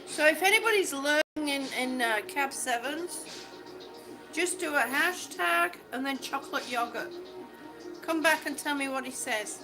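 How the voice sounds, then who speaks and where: High-voiced chatty woman walking and talking. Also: lively intonation, measured pace. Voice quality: rambling, chatty, self-described waffler. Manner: laughs often, talks while walking. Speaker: livestream vlogger. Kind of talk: casual livestream chat while walking. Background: background music.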